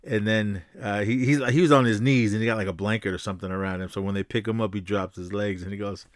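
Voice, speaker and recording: A male podcast host retells a film scene by scene in a loose, rambling way. He stops often for fillers and corrections. His voice sits a bit low, and the room sounds dry and close. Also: fairly even intonation, fast talker, no room sound. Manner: rambling, full of fillers, acts out quotes. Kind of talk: casual movie recap.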